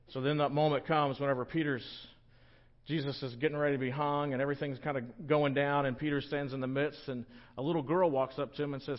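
A man's voice: medium pitch, fast, lo-fi sound. Joking, conversational man preaching a sermon. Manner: conversational, joking, animated storytelling. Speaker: pastor.

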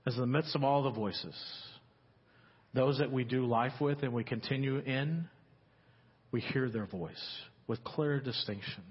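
Husky-voiced pastor preaching in a reverberant church. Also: male voice, a little slow. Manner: builds to fervent rising climaxes, then drops low and quiet. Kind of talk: sermon. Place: church sanctuary. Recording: dull, reverberant church sermon recording.

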